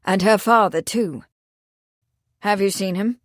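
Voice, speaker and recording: A woman's voice: medium pitch, slow, no room sound, clean studio sound, close to an everyday voice. A woman voicing a grim, stern male village constable who speaks firmly and without pity. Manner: grim, firm, forceful.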